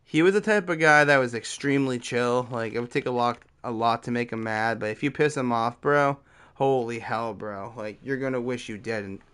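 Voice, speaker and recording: A man's voice: medium pitch, moderate pace, fairly bright tone, smooth. A young man telling a story from his teens in a loose, casual way, full of fillers and swearing. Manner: loose and profane, heavy "like" fillers.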